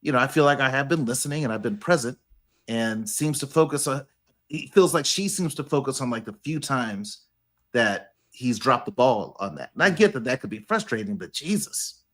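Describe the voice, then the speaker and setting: Male podcast co-host, bright voice, lively delivery, swears and acts out quotes. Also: mid-range voice, moderate pace. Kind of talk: casual chat.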